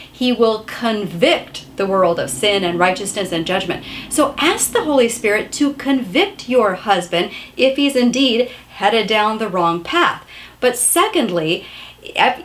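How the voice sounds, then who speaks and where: A young woman giving an earnest, gentle devotional talk to wives in a conversational way. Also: a little high. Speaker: women's ministry speaker.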